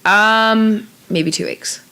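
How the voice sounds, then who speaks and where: A woman's voice: mid-range voice, extremely slow, smooth. A young woman from Australia, an actress, telling stories in a casual interview with lots of acted-out quotes. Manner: chatty, animated storytelling with acted-out quotes and laughs.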